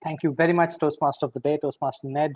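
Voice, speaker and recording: A man with a fairly high voice gives a speech evaluation at an online club meeting. He sounds upbeat and encouraging, leans on key words and pauses for effect. The sound is dry and close. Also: fairly even intonation, a little mellow, no echo, poor audio.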